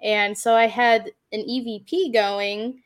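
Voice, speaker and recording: A woman joins the conversation with short affirmations and corrections, speaking casually. Her voice sits fairly high. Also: fairly even intonation, takes it slowly. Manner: chimes in briefly, affirming and correcting. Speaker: paranormal investigator guest. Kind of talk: casual chat.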